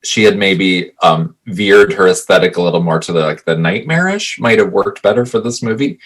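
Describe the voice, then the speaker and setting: A man's voice: low voice, lively intonation, moderate pace, a bit bright. A man co-hosting a podcast, earnestly sharing opinions about a film in casual talk. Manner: earnest, opinionated, restarts mid-thought. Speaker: podcast co-host.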